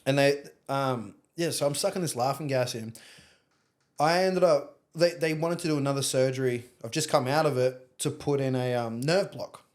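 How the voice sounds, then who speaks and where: A young adult man with an Australian accent tells his story as a podcast guest. He talks candidly and rambles, with plenty of swearing. His voice sits at an ordinary middle pitch. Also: moderate pace. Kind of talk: casual storytelling interview.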